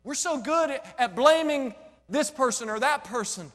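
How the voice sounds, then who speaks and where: A male pastor preaching a sermon in an animated way, joking and asking the congregation rhetorical questions. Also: very high voice, moderate pace, long reverb tail.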